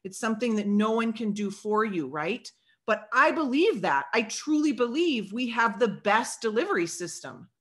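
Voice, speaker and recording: A woman giving an energetic motivational talk on sales to her team, preachy in tone and playing out sales dialogue as she goes. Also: a little high, moderate pace.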